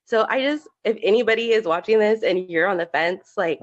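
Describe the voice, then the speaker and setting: A woman's voice: medium pitch, fairly quick, dull audio. A young woman giving a tearful testimonial on a video call, talking with lots of "like" fillers. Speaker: new business promoter.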